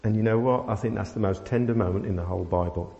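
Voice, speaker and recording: A man preaching a sermon, telling a family story with many pauses and fillers. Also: lowish voice, creaky, warm tone. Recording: dull sound in a long-reverb hall.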